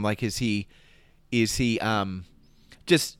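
Smooth-voiced man in lively scripture talk. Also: mid-range voice, slow, no room sound. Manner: animated, acts out quotes, laughs easily. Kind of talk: casual Bible discussion.

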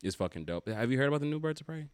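A man's voice: mid-range voice, animated, rapid-fire, clear, resonant tone, no room sound. A man hosting a casual podcast about comics, talking loosely and swearing freely. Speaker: podcast host.

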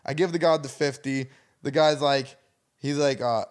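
A man's voice: medium pitch, normal speed. A young man telling a rambling, profane story in casual chat.

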